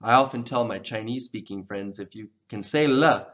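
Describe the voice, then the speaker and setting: A patient male teacher runs a pronunciation lesson, saying each word slowly and then repeating it several times. His voice sits on the lower side, and the recording sounds slightly dull and lo-fi. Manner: patient, drills words slowly and repeats them.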